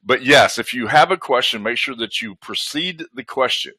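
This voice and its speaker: A man's voice: medium pitch, lively intonation, moderate pace, pushed and bright, breathy edge, dry recording. A man with a Southern US accent hosting a live webinar from home, chatting in a folksy way and greeting attendees by name. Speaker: webinar host.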